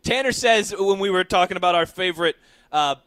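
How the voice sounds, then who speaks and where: A man's voice: high-pitched, a little fast, fairly bright tone. A man co-hosting a sports radio show, chatting casually and reading listener questions aloud. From Pittsburgh area. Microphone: studio microphone.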